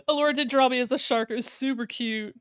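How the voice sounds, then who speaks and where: A woman's voice: fairly high pitch, fairly bright tone, smooth, no echo, studio quality. A young woman streaming while she draws, chatting casually, rambling, laughing often and swearing freely. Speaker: art streamer. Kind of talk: casual live-stream chat while drawing.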